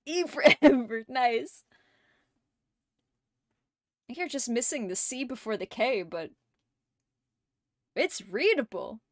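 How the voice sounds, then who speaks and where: A woman's voice: on the high side, lively intonation, slow, long pauses, darkish tone, dry recording, clean studio sound. A woman hosting a livestream, chatting casually and reading viewer messages aloud, laughing often between lines. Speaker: livestream host.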